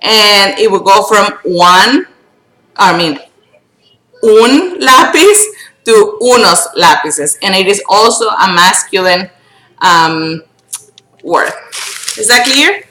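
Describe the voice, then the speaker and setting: Bright-voiced woman teaching grammar. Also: mid-range voice, echoey room, low-quality recording. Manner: patient, checks in with frequent "okay?"; slows down to spell out letters and words. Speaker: Spanish teacher. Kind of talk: explaining grammar to a student.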